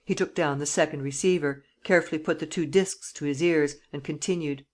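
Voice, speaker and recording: An audiobook narrator reading a classic mystery novel in a measured storytelling manner. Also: mid-range voice, steady tone.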